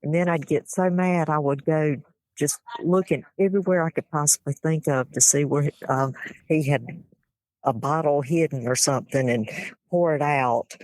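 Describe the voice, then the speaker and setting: Halting woman guest on a podcast. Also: sits low, a little mellow, dry recording. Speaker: guest, wife of the guest. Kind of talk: casual podcast chat.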